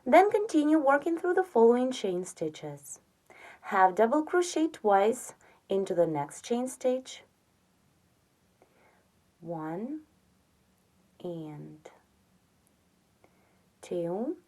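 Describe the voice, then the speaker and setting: A woman giving a step-by-step crochet tutorial, patiently counting stitches aloud and softly trailing off on the counts. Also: high-pitched, sing-song, a little slow. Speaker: crochet instructor.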